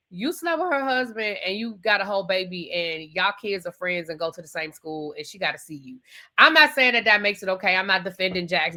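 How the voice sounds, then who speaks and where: A woman's voice: medium pitch, sharp tone. A woman giving a chatty, opinionated recap of a TV episode, talking straight to her viewers. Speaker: TV show reviewer. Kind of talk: casual spoken recap and commentary.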